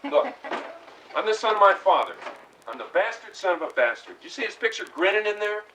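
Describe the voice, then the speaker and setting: In a stage play scene, an actor plays a brooding young adult who longs to leave home, speaking intensely in bursts of feeling. His voice is high, sing-song, and a little fast, picked up far from the mic with background noise.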